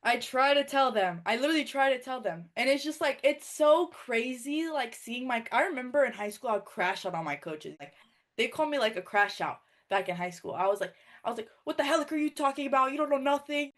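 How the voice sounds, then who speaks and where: A young woman, a former college wrestler turned coach, telling stories in casual conversation with lots of "like" and acted-out quotes. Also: a little high. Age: young adult. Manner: fast, filler-heavy, animated storytelling with quoted dialogue.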